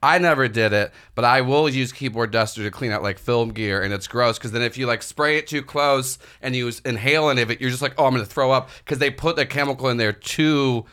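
Bright-voiced opinionated man. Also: mid-range voice, fairly quick, hardly any pauses, clean tone. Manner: opinionated, emphatic. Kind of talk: casual comedy chat.

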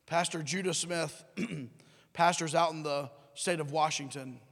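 A man preaching a sermon, acting out voices, swinging from loud bursts to hushed drops. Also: a little high, in a large hall. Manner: animated, acts out crowd and Pilate, rising and dropping to near whisper. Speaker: pastor.

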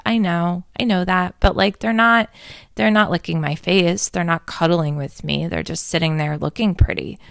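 A woman's voice: lowish voice, gravelly, a bit bright, clean tone, no echo, clean studio sound. A young adult woman hosting a casual confessional talk, candid and rambling, swearing freely and poking fun at herself.

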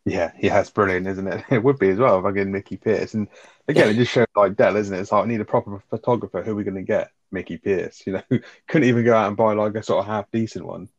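A man chatting casually on a podcast, retelling sitcom scenes with swearing and quick asides. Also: on the low side, no echo, dull audio. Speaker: podcast co-host. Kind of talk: casual chat reviewing a sitcom episode.

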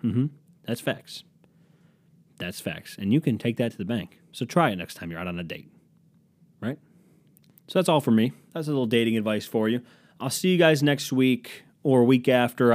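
A man from Massachusetts hosting a solo podcast from his basement, rambling crudely with lots of swearing and sudden loud put-on voices. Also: medium pitch. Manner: crude, profane, jumps into loud impressions. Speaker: podcast host. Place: home basement.

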